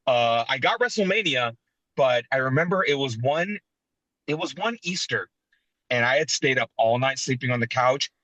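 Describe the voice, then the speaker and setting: A man in his thirties co-hosting a casual wrestling podcast, telling animated, sentimental stories. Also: medium pitch, normal speed, no echo, dull audio. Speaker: podcast co-host.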